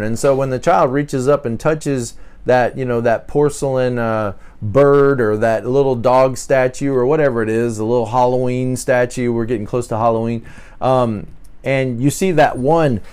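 Earnest man with a lively voice. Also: mid-range voice. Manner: earnest, repeats words, acts out quoted voices. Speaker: podcast host. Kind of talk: casual teaching monologue.

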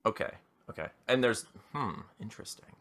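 A man's voice: on the low side, animated, a little fast, sharp tone. A man playing a tabletop game, asking hesitant questions about the scene. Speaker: player. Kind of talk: casual tabletop play.

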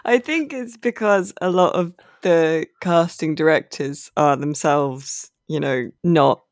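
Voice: mid-range voice, takes it slowly, no echo. A person chatting casually about games, dry and chatty, laughing along with the others.

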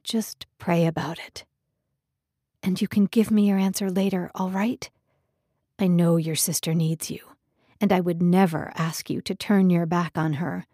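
A woman's voice: fairly low pitch, fairly even intonation, a little slow, mellow, dry recording, studio quality. A woman voicing an earnest young man who pleads with the woman he loves, in an audiobook. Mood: insistent. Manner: pleading, insistent.

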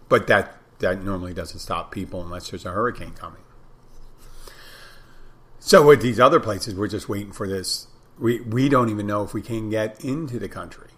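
Husky-voiced man rambling on a podcast. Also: lowish voice. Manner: rambling, chatty, self-correcting. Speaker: podcast host, bartender. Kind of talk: casual solo podcast talk. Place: home in the Florida Keys.

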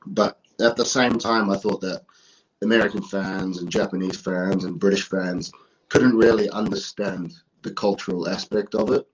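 Husky, low-voiced New man. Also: fairly even intonation, moderate pace, low-quality recording. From New Zealand. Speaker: guest, professional wrestler. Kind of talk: casual interview talk.

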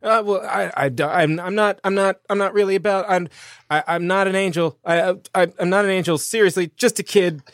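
A man's voice: high voice, fairly even intonation, brisk, no room sound, clean studio sound, voice pushed up. A man doing a stammering, flustered young kid. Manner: stammering, nervous. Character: flustered young male kid, hiding magic.

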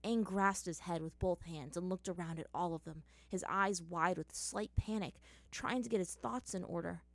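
A woman's voice: medium pitch, moderate pace, hardly any pauses, no room sound. Woman reading a story aloud, dry sound. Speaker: reader. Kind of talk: reading fan fiction aloud.

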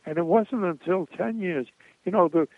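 A man's voice: sits high, moderate pace, dry recording. Older man telling stories over a tinny line. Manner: rambling, chuckling raconteur. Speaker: guest. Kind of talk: anecdotal storytelling interview. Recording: tinny phone-like line, dry.

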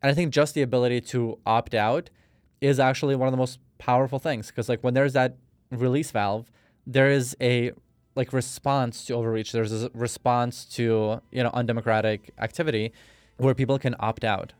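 Man, thirties, podcast guest, smooth clear voice, dry close sound, rambling casual storytelling. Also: mid-range voice, fairly even intonation, moderate pace, no echo. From Russia. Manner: rambling storyteller, many fillers. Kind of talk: casual interview talk.

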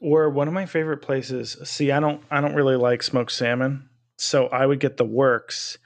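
A man's voice: medium pitch, little pitch movement, moderate pace. A man co-hosting a podcast, chatting casually and rambling with restarts. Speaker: podcast co-host. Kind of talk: casual chat.

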